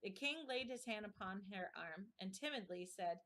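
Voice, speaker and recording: Woman, streamer, storybook narration, bright tone, measured pace. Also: mid-range voice. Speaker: stream host reading aloud. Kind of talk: storybook read-aloud.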